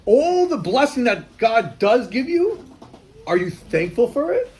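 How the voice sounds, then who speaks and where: A man, a rabbi, giving a lively sermon full of rhetorical questions and acted-out dialogues. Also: very high-pitched, unhurried, poor audio. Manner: animated, rhetorical questions, acts out dialogues with God. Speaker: rabbi teaching.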